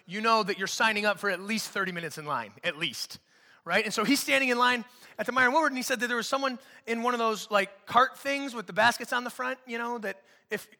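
A man preaching from a church stage in a high, very bright, forceful voice, loose and conversational, slipping jokes into his sermon. His voice carries a long reverb from the hall around him. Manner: casual, joking, conversational preaching. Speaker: pastor.

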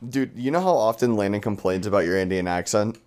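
A man with a fairly low, slightly mellow voice talks fast as a co-host on a casual podcast with friends. He's blunt and teasing, joking around and laughing often.

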